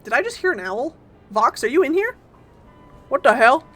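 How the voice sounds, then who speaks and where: A woman streaming a game, chatting casually and playfully with her viewers, greeting them and teasing them in quick bursts. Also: high-pitched, very animated, fairly bright tone, soft background music.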